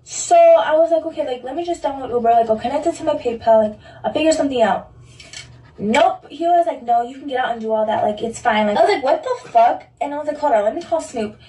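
A woman's voice: high voice, fast talker, mellow. A young woman telling a story in casual chat, full of "like" and acting out the lines of others. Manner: chatty, full of "like", acting out quoted speech. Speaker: storyteller in played audio. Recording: echoey, distant recorded clip.

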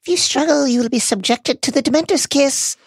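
A man's voice: extremely high pitch, a little fast, gravelly, no echo, pitched above the performer's own voice. A man voicing a cruel female official with a sickly-sweet, menacing manner.

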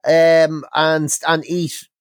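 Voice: mid-range voice, level tone, very slow, no echo, studio quality. A podcast co-host in casual chat, ranting with heavy swearing.

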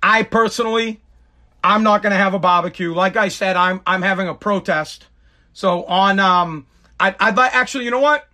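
A man's voice: high-pitched, moderate pace, bright, forceful tone. A man giving a sarcastic political rant to camera, mocking people by putting on exaggerated voices.

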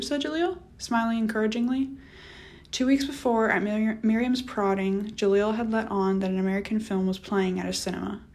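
Gravelly, flat woman audiobook narrator. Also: mid-range voice. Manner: measured, steady reading. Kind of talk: scripted narration.

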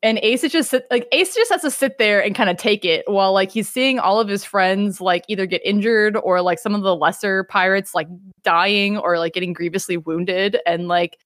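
A woman hosting a casual podcast chat, animated and swearing freely, acting out quotes as she talks. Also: medium pitch, moderate pace, few pauses, no room sound, studio quality. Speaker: podcast host.

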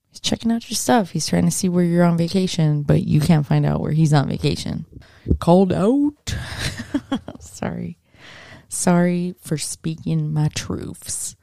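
A woman's voice: deep voice, measured pace, gravelly, long pauses, dark tone, no echo, studio quality. A young adult woman hosting a solo podcast, chatting casually and jokingly and swearing freely. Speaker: podcast host. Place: outdoors on a walk.

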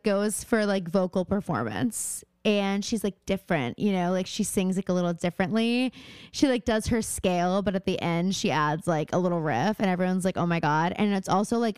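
Young female podcast co-host, rambling and giggly, crisp and dry. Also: medium pitch, darkish tone, dry recording. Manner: chatty, rambling, lots of fillers and giggles. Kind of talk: casual chat.

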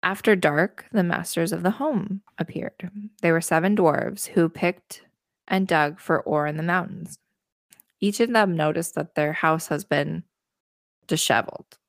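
A woman's voice: fairly low pitch, measured pace, no echo, studio quality. A woman casually retelling a fairy tale as a podcast host, with sarcastic asides and the occasional swear word. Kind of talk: casual storytelling with commentary.

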